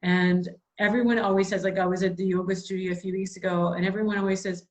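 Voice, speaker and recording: A woman's voice: medium pitch, flat delivery, fast, hardly any pauses, rough recording. A woman in her forties hosting a casual video call chat, gushing and chatty with many "like"s. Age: 40s. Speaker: host.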